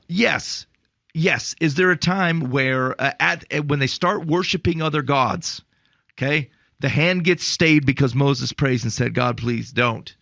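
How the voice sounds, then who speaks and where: Male podcast co-host, gravelly and mid-range, dry booth sound; animated storyteller with exasperated asides. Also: a little high, dry recording. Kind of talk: casual podcast chat on faith.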